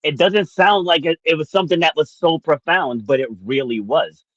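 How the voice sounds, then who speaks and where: Man co-host, lively storytelling, slightly dull dry audio. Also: a little high, normal speed, no room sound. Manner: animated storyteller, laughs often. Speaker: podcast co-host. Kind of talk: personal storytelling.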